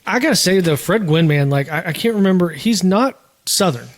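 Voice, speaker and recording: A man with a fairly high voice chats on a podcast. He hedges a lot, trails off mid-sentence and keeps asking the others questions. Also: animated, a little fast. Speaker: podcast co-host. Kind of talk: casual chat.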